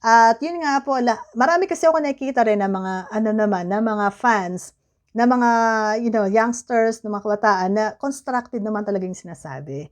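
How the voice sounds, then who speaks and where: A woman's voice: on the high side, fairly quick. A middle-aged woman from the Philippines with a Filipino accent, chatting candidly to her viewers and often trailing off as she searches for words. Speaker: vlogger. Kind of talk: casual chat.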